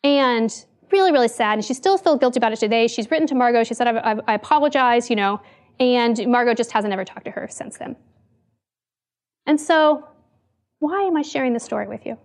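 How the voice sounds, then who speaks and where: A woman's voice: on the high side, brisk. A woman giving a talk to an audience, telling a workplace story and acting out the people in it. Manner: animated storyteller, acts out quoted lines.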